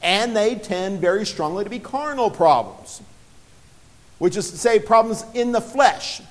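A man delivering a sermon in a relaxed, conversational manner. His voice sits a little higher than most men's. He often trips over and restarts his phrases, and he breaks into quoted lines as he goes. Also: unhurried. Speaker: preacher.

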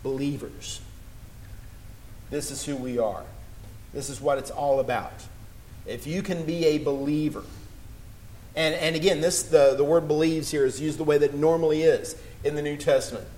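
A man preaching a sermon, earnest and building to emphatic appeals, with scripture read slowly. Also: fairly high pitch, steady tone, darkish tone, low-quality recording.

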